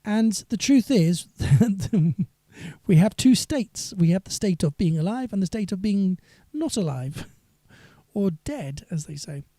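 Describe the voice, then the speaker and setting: High-voiced man chatting between songs. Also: lively intonation, a little slow, warm tone, dry recording, clean studio sound. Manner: chatty and rambling, reads viewer comments aloud. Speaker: singer-songwriter. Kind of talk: live stream chat between songs.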